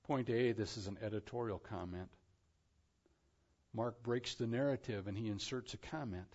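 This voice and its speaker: A man preaching an expository sermon as pastor, swinging from hushed, slow phrases to soaring emphasis. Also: on the low side, highs cut off.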